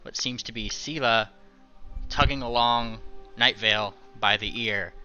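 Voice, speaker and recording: Bright-voiced male game master, laid-back. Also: on the low side, steady tone, measured pace, dull audio, soft background music. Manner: loose and joking, with frequent fillers and laughter. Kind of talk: narrating a tabletop game over voice chat.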